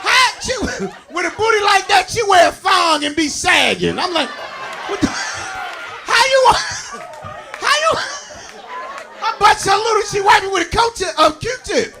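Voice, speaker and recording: A man doing stand-up speaks at a normal speed in a very high-pitched, gravelly voice with big pitch swings and few pauses. Boisterous and addressing the audience directly, he laughs through lines and shouts punchlines. Crowd and background noise are present.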